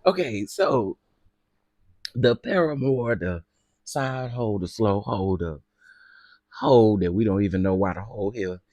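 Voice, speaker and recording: A man hosting a casual gossip commentary, sassy and dramatic, who often bursts into loud laughter. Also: on the low side, expressive, takes it slowly, long pauses, dry recording.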